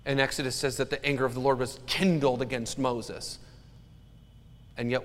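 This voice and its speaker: A man's voice: mid-range voice, level tone, moderate pace, long reverb tail, slight background noise. A man preaching a sermon as a pastor, earnest and emphatic.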